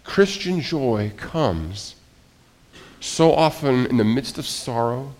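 Here a middle-aged man preaches slowly as pastor, his voice in the mid range. He often restarts his phrases while moving between soft, near-whispered asides and loud, excited exclamations.

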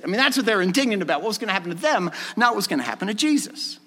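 A man's voice: sits high, big pitch swings, very fast, a bit bright. A man preaching a sermon as a pastor, telling the story animatedly and acting out the dialogue. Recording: long hall reverb.

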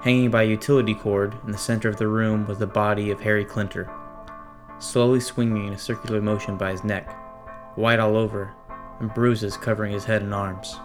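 A man's voice: lowish voice, little pitch movement, brisk. A man narrating a first-person horror story in a tense, dramatic way. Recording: narration over clear music. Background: music.

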